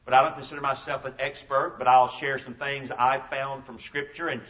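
A man's voice: mid-range voice, little pitch movement, brisk, a bit bright, distant mic. A man in his fifties preaching a sermon as a pastor, telling stories emphatically and repeating his key phrases. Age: 50s. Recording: dull lo-fi sermon recording.

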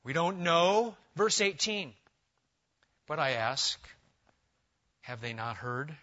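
Man, pastor, expository sermon, emphatic, forceful bright voice, dull lo-fi recording. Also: fairly high pitch, big pitch swings, slow. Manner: emphatic, swings between loud urging and quiet intensity.

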